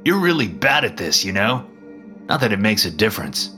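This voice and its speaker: A smug, mocking devil who takes his time, lifted well above the reader's own deep tone, as a man puts him on. He teases with a lively, knowing lilt in a first-person horror story, with faint music underneath. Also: normal speed. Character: smug teasing male devil, calm and knowing.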